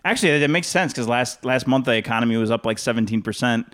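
A man's voice: medium pitch, quick pace. A man, a comedian, riffing in loose casual banter on a podcast. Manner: loose, joking, animated.

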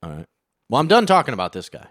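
A man co-hosting a casual comedy podcast, telling stories in a wry, deadpan way. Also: medium pitch, fast, no echo, clean studio sound. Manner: wry, deadpan storytelling with quoted asides. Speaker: podcast co-host.

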